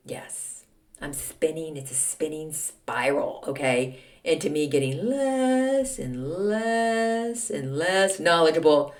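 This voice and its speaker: A middle-aged woman hosting her own podcast, telling self-mocking stories in a snarky, animated way. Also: medium pitch. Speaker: podcast host. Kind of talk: casual solo monologue.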